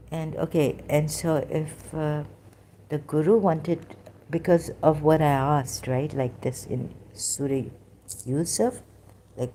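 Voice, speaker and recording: A woman talking alone on a livestream, hesitant and halting, often dropping into whispers. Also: low voice, warm tone, slight background noise. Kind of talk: rambling solo livestream talk.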